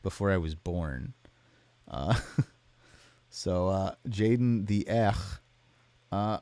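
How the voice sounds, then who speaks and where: A tired man live-streaming, reading out chat messages and answering them in a deadpan, rambling way. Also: sits low, very slow, pauses often, clear, resonant tone, dry recording. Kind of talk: casual chat.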